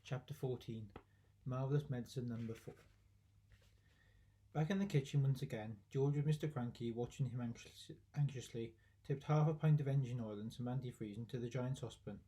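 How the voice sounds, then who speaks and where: A man in his thirties reads a children's storybook aloud. His voice is mellow and dark, and his middle pitch stays steady and plain. He reads at an unhurried pace and sometimes corrects a slip. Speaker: teacher reading aloud.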